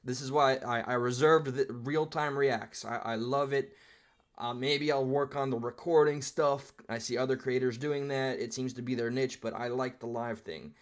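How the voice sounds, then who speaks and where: A man in a middle-pitched voice comments on a clip as it plays live. He rambles and reflects, drops in casual profanity, and keeps his tone conversational. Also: steady tone, moderate pace. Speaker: streamer reacting to a clip.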